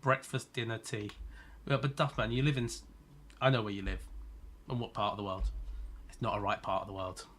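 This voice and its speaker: A man's voice: fairly low pitch, fairly even intonation, fairly quick, long pauses, a bit bright, a little hiss or hum. A man live-streaming a racing game, chatting casually and teasing viewers as he answers their messages. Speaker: gaming streamer.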